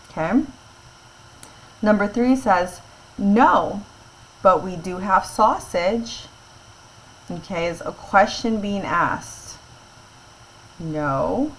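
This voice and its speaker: A woman's voice: fairly low pitch, a little hiss or hum, poor audio. A woman teacher explaining a grammar lesson patiently, step by step, often checking in with her class.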